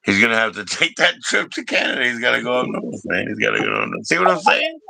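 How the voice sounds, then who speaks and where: A man's voice: medium pitch, very animated, fast talker, creaky, bright, forceful tone, no room sound. A man hosting a livestream in casual chat, joking, teasing and swearing freely. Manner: joking, profane, teasing banter. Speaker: livestream host.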